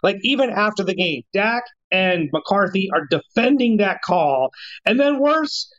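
A man's voice: high voice, expressive, unhurried, a bit bright, dry recording, muffled recording. A man co-hosting a sports podcast, firing off exasperated one-liners in casual chat. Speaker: podcast co-host.

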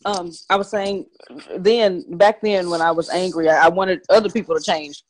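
A woman's voice: fairly low pitch, fairly even intonation, normal speed, poor audio. A woman in a coaching group earnestly recounting her reflections, with hesitant restarts. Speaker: coaching client. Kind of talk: sharing a personal story.

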